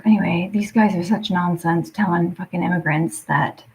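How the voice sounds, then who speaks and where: A woman's voice: fairly low pitch, fairly even intonation, normal speed, creaky, rough recording. A woman livestreaming an angry, profane rant that keeps dropping into muttered whispers. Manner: swears constantly, drops into muttered whispers.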